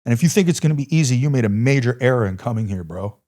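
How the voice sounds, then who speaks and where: A man's voice: mid-range voice, animated, racing, darkish tone. A middle-aged man, a former soldier, telling a war story in a podcast interview with intense, emphatic delivery and blunt swearing. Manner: intense, emphatic, repeats phrases, swears freely. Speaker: podcast guest, former Army Ranger.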